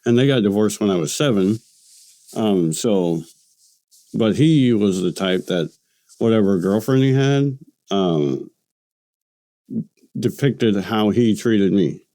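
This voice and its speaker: Male guest, late 40s, mellow and low, plainspoken with pauses, dry studio sound. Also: animated, no room sound. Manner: halting, matter-of-fact, self-deprecating. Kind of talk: casual podcast chat.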